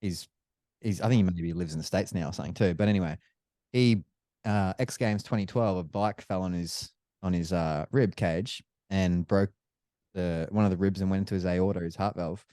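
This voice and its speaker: A man's voice: low-pitched, normal speed, warm tone, no room sound, studio quality. A man co-hosting a podcast in casual chat, telling rambling stories and swearing freely.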